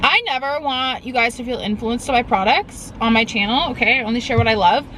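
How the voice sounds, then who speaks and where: Young woman, vlogger, animated and casual, bit of a potty mouth, phone-camera sound with faint road noise. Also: fairly high pitch, fairly quick. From Canada. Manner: chatty, animated, swears casually. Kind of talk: casual vlog chat. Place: in a car and out running errands.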